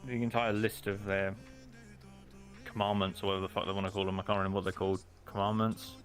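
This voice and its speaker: A man's voice: sits low, level tone, quick pace, faint music behind. A young man chatting casually on a stream, opinionated and swearing. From United Kingdom. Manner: opinionated, swears, mocks with put-on voices. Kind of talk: casual chat.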